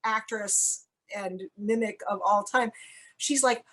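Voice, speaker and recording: A woman's voice: medium pitch, fairly even intonation, takes it slowly, a bit bright. A woman from the United States, an actress, chatting as an interview guest in a rambling way, full of "like"s and self-corrections, with wry, blunt humor. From United States (Cincinnati). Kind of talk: casual chat.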